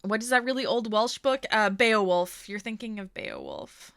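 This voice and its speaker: A woman's voice: medium pitch, wildly swooping pitch, normal speed, gravelly, a bit bright, dry recording. Woman streamer, casual and rambling, close dry mic. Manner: chatty, rambling, laughs often. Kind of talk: casual chat.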